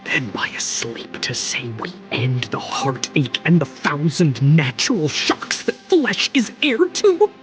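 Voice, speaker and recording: A text-to-speech voice playing a deranged outcast, swinging between hoarse whispers and sudden outbursts. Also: mid-range voice, big pitch swings, slow, hardly any pauses, a bit bright, faint music behind. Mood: unhinged. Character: deranged outcast, unhinged and erratic. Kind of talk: synthetic text-to-speech demo reading.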